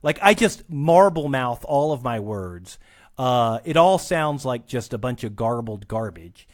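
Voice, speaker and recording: A man's voice: mid-range voice, expressive, unhurried. A man chatting as a podcast guest, rambling and self-deprecating, often restarting his sentences. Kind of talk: casual chat.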